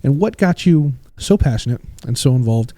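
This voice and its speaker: A man's voice: expressive, moderate pace, dark tone, no echo. A man hosting a podcast interview in a casual, chatty way, telling stories and acting out quoted lines. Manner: chatty, storytelling, acts out quotes with rising pitch. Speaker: podcast host.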